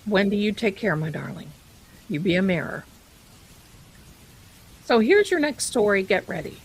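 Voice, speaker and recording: A woman's voice: mid-range voice, very animated, moderate pace, slightly rough, rough recording. Chatty woman telling ghost stories live. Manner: chatty, calls viewers "my darling". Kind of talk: casual live-stream storytelling.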